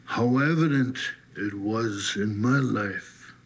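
A man slowly telling his personal faith testimony, husky voice, getting lively as he retells being set free. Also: lowish voice. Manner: slow storytelling, lively when retelling his release. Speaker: testimony speaker.

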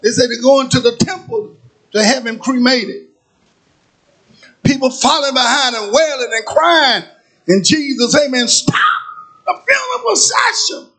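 A man preaching a sermon, using call-and-response and chanting as his preaching builds to shouts in a church sanctuary. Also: extremely high pitch, a little slow, pauses often. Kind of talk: whooping sermon.

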